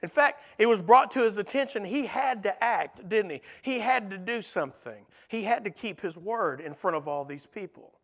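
A man preaching a sermon in a high voice for a man. He talks earnestly and often asks his listeners rhetorical questions. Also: lively intonation, moderate pace, vocal fry, few pauses, fairly bright tone.

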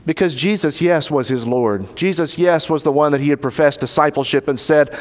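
A man's voice: fairly high pitch, animated, normal speed. A man with a Southern American accent preaching a sermon, retelling the story dramatically and acting out the quoted lines. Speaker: pastor. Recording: hall reverb.

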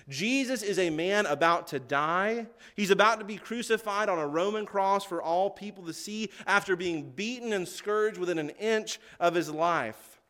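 A man preaching a sermon, earnest and emphatic, slowing down to stress key words and reading scripture aloud. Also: high-pitched, fairly bright tone.

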